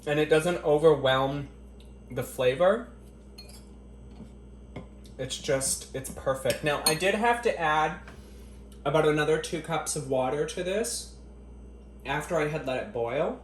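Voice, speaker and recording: A man's voice: on the high side, measured pace, pauses often, slight background noise. Profane man tasting food in an echoey kitchen. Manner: crude, profane, joking straight to camera; tasting food between lines with appreciative murmurs. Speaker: cooking vlogger. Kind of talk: casual kitchen vlog. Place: home kitchen.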